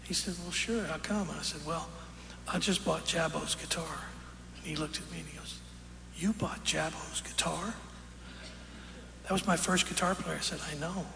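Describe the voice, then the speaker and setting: A man with a gravelly, slightly high voice tells a folksy story from a concert stage. The sound is roomy, with a long echo from the hall and audience noise clearly heard behind him. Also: steady tone, pushed and bright. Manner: folksy, unhurried, with fillers and quoted dialogue. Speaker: singer telling a story on stage. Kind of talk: onstage storytelling.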